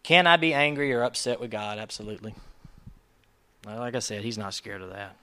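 A man preaching a sermon in a conversational, emphatic way, swinging from soft asides to loud urgency. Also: on the low side, a little fast, smooth. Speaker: pastor.

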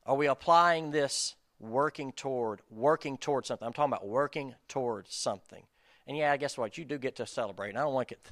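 Male preacher, conversational and self-deprecating, mid-pitched voice, dry close recording. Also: quick pace, gravelly, fairly bright tone, no echo. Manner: casual, self-deprecating, addresses listeners as guys. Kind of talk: conversational sermon.

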